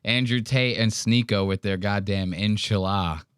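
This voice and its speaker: A man's voice: lowish voice, measured pace, clear, resonant tone, no echo. Profane, joking man in a dry room. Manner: profane, joking, laughing asides. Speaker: host reacting to podcast clips. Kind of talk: casual reaction commentary.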